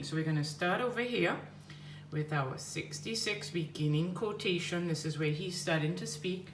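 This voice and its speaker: A woman teacher slowly explaining edits step by step in a classroom lesson. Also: lowish voice. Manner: slow, step-by-step explaining while writing. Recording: echoey room from far off with faint hum.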